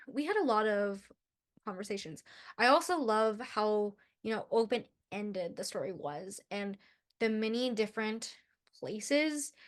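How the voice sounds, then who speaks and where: A young woman hosting a book vlog, chatting casually and gushing over favorite quotes, often restarting her sentences. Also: medium pitch. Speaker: book vlogger. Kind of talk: casual book review chat.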